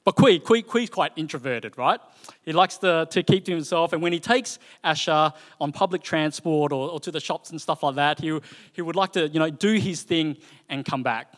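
A man's voice: a little high, normal speed. Man preaching in a reverberant hall. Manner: conversational, animated storytelling with frequent fillers. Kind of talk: sermon. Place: church hall.

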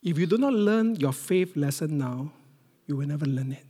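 A middle-aged man from Singapore preaches in with a somewhat high-pitched voice. His storytelling is animated, rising to loud emphasis and dropping to near-whispers. The sound carries the long reverb of a church hall. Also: normal speed, husky. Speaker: pastor. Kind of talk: sermon.

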